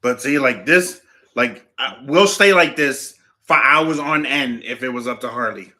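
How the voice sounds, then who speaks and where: A man's voice: mid-range voice, a little slow, bright, forceful tone. A man hosting a casual chat from his couch at home, rambling and telling stories with lots of fillers. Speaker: show host.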